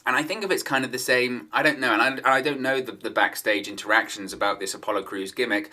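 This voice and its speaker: A man delivers solo opinion commentary on wrestling news in a conversational way, repeating his points for emphasis. His medium-pitched voice is fast, bright and forceful.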